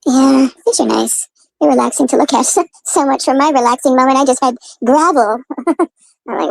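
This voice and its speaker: A woman's voice: sits high, normal speed, gravelly, dry recording, low-quality recording. A woman chatting casually in a clip, rambling and laughing between phrases. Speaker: woman in a clip being reacted to. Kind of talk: casual chat.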